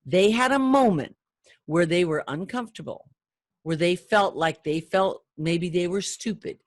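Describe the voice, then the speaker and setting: An older woman who trains people in phone sales, speaking in a chatty, animated way and acting out the lines of callers and customers. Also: lowish voice, unhurried, no room sound, studio quality. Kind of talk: training talk to camera.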